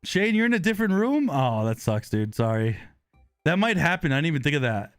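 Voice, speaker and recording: Excitable man live-streaming a game. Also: a little high, a little fast, no room sound, clean studio sound, faint music behind. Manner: excitable, loud exclamations and apologetic laughs. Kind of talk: live gaming stream chat. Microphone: close desk microphone.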